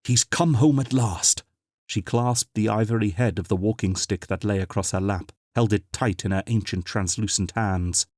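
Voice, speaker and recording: Brief: male audiobook narrator, lowish voice, measured and dramatic, dry booth sound. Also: steady tone, darkish tone, no echo.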